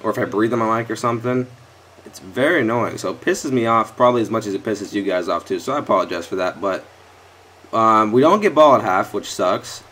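A man's voice: lowish voice, animated, fairly quick, a bit bright. Frustrated young man swearing at a game. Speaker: gaming YouTuber. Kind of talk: live gameplay commentary. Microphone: headset or desk mic close to mouth.

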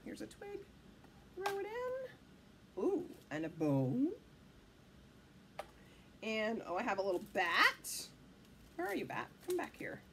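A woman reading a picture book aloud to children in an animated, sing-song way. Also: on the high side, slow, long pauses, slight background noise. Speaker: children's storyteller.

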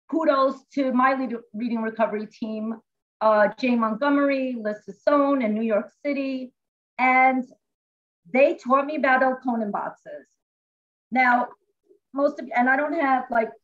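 Chatty teacher woman, fairly high voice. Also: lo-fi sound. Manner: animated, chatty, explains step by step. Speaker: classroom teacher. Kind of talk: informal teaching demonstration. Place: at home.

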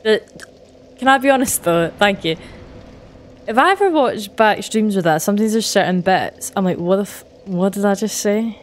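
A young Scottish woman talks casually over her gameplay, answering chat and laughing at her own jokes. Her pitch sits in the middle, and her accent is light but clear. A faint hiss of noise runs under the recording. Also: lively intonation, normal speed. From Scotland. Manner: chatty, laughs at herself, reads chat aloud. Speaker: streamer.

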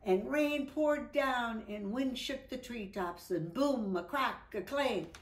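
A woman reading a children's picture book aloud, with lively, drawn-out delivery. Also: a little high, reverberant. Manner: animated, drawn-out, voices for characters. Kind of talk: children's storybook read-aloud. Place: indoors at home.

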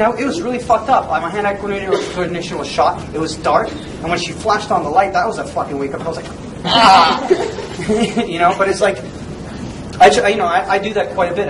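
A middle-aged man teaching self-defense, telling a story in a lively, profane, laughing way. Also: high voice. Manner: animated, profane, laughs often. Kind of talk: casual storytelling to a class. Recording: roomy and distant with noise.

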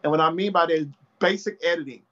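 A man's voice: on the high side, fast, pushed and bright, highs cut off. A man guesting as a comedy writer in a casual interview, hesitant and self-correcting but good-humored, over a video call.

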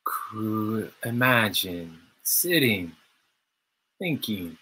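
A man gives live voicing for an online art workshop over a video call, speaking slowly in short, exclaimed bursts. His tone is bright, and his pitch leaps widely as he acts out playful reactions. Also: very animated, slightly rough.

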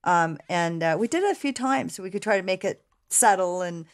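A woman's voice: fairly low pitch, lively intonation, brisk. A woman from Canada with a Canadian accent, a director speaking casually on a commentary in a thoughtful way, with many ums and restarts. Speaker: episode director.

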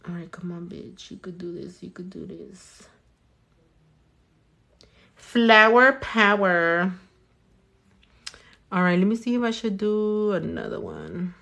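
A young nail artist vlogs casually while doing her nails on camera, chatty and cursing, speaking to herself and her hands with Spanish phrases mixed in. Her voice is on the low side, expressive, creaky, darkish, and slightly rough, at normal speed with few pauses.

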